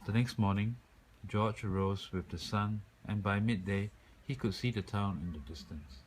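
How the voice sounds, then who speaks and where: A man reading a children's picture book aloud in a calm, expressive way. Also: on the low side, moderate pace, a little hiss or hum, low-quality recording. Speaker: storyteller.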